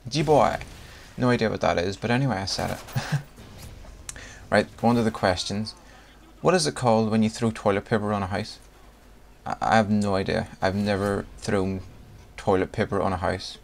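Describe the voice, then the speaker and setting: This Northern Irish vlogger is a young man whose voice sits on the low side, steady and creaky, at a normal speed, with a slight hiss or hum in the audio. Chatty and laughing between lines, he reads a word list for a video word by word, in his Northern Irish accent.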